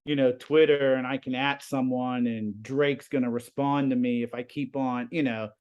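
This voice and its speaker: A man in his fifties, a high school TV production teacher, telling stories casually as a guest and acting out the conversations he quotes. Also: normal speed, clean tone. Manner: animated, acts out quoted conversations. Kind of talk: casual storytelling.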